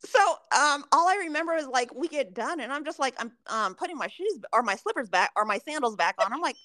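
A woman's voice: sits high, big pitch swings, fairly quick, sharp tone, no room sound. A woman in her forties from Southern California, co-hosting a podcast and telling candid, profane stories in casual chat. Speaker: podcast co-host.

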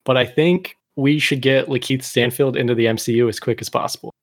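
A man's voice: medium pitch, fairly even intonation, brisk, dry recording. Laid-back rambling man, dry sound. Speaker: podcast co-host. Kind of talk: casual chat.

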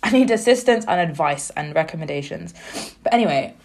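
A woman co-hosting a casual radio chat, chatty and animated, laughing often. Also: deep voice, brisk, noisy background. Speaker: radio co-host.

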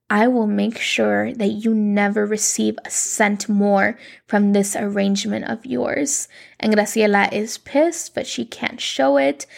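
Chatty woman with a vocal fry. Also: mid-range voice. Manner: chatty, enthusiastic storyteller. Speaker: podcast host. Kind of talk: casual telenovela recap podcast.

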